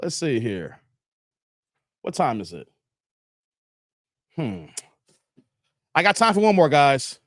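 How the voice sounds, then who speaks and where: A man's voice: fairly high pitch, huge pitch swings, slow pace, pauses often, no room sound, studio quality. A middle-aged man hosting a live stream, chatting casually with his viewers and reading their comments aloud. He laughs often, repeats his phrases, and his voice is tired from hours of streaming.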